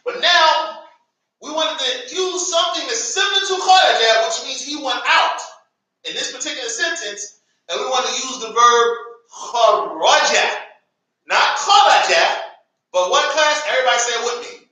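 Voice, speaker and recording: An American man teaches a class with a lively, bright voice that sits fairly high, calling on students and having them repeat after him. He is picked up by a distant mic in an echoey classroom. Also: normal speed. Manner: animated, calls on students, has the class repeat words. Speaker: Arabic teacher. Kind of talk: classroom grammar lesson.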